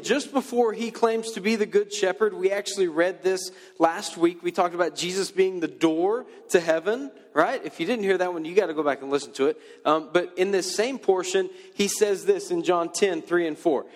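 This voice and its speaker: Young man, pastor, casual animated sermon, slightly high voice, echoing hall. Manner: conversational, animated preaching with filler words. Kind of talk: sermon to a youth audience.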